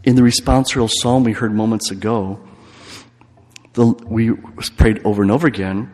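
Preacher with long church echo. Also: male voice, lowish voice, fairly even intonation, normal speed, pauses often, a little mellow. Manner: storytelling, emphatic repetitions. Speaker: priest. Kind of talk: retreat homily.

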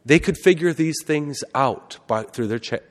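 Preacher in a reverberant hall. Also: male voice, fairly high pitch, expressive, normal speed. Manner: conversational, asks the congregation questions. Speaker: Catholic priest. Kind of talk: sermon.

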